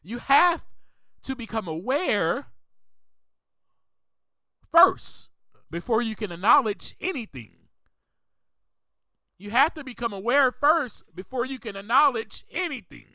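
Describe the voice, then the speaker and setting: A man with a high, lively voice delivers a motivational podcast monologue. He speaks slowly and emphatically, driving his points home through repetition. The sound is bright and dry, with no room around it. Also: no echo. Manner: emphatic, repeats key phrases, preacher-like. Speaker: podcast host.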